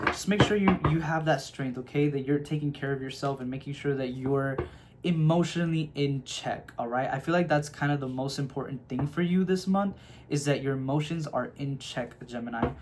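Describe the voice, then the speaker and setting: A man's voice: mid-range voice, normal speed, noisy background. A man giving a casual tarot reading to camera, chatty and reassuring, often checking in with "okay?" and calling his listeners his loves. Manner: affectionate, calls listeners "my loves". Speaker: tarot reader.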